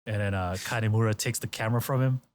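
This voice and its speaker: Lower-pitched animated man. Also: fast talker. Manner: animated storyteller, acts out quotes in exaggerated voices. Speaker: podcast host. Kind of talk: casual chat recapping a variety show.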